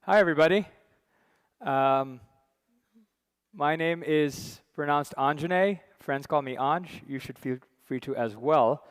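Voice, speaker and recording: A man's voice: medium pitch, takes it slowly, clear, resonant tone. A man talks from a conference stage in a loose, chatty way, filling gaps with "uh" and "um". His voice sits in the middle of the range. A long hall reverb trails behind every phrase. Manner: relaxed, chatty, with many fillers. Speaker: session chair.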